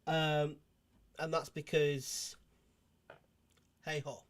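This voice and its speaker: A man's voice: fairly high pitch, level tone, drawn-out words. A man hosting a casual livestream, rambling and joking between restarts. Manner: rambling, restarts, jokey asides. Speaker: host.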